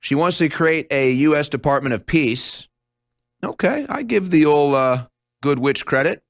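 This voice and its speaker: A man's voice: fairly high pitch, expressive, measured pace, no echo, studio quality. A young man hosting a talk show, delivering a sarcastic, scornful monologue that jumps between topics.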